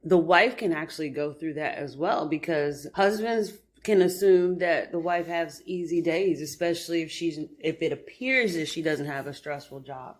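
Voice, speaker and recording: A woman with a low-pitched voice co-hosts a relaxed podcast with her husband over breakfast at home. She agrees with him readily and laughs easily as they talk. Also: normal speed, hardly any pauses. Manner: warm, affirming, laughs easily. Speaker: podcast co-host, wife. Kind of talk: casual chat.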